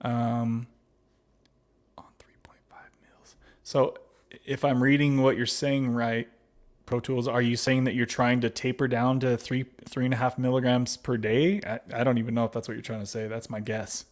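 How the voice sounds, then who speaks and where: Casting note: easygoing man, mid-pitched, hosts a livestream, reads chat, laughs a lot. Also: flat delivery, fairly quick. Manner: laughs often, reads chat aloud and replies; friendly, calls viewers babies and buddy. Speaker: livestream host. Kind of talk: casual livestream chat reading comments.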